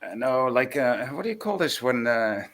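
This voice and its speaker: A man chatting casually as a guest, halting often and searching for words. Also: medium pitch, big pitch swings, a bit bright. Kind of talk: casual chat.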